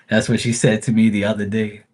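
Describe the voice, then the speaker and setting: A man reads tarot on a casual live stream and drifts into loose, joking chatter full of swearing. His voice is low and slightly husky, and he tells stories in a relaxed, rambling way.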